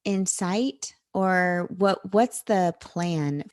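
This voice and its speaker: A woman's voice: on the low side, extremely slow, dry recording, studio quality. A woman hosting a casual podcast interview, supportive and affirming as she listens and asks questions. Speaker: podcast host.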